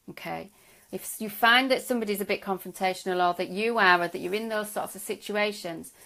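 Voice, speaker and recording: A middle-aged woman giving a live video talk on stress as a coach, gentle and reassuring, often checking in with her viewers and restarting her sentences. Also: mid-range voice.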